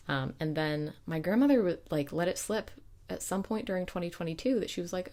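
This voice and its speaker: Low-voiced woman chatting casually. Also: animated, normal speed, dark tone. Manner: chatty, digressive, self-correcting. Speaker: knitting podcast host. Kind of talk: casual chat.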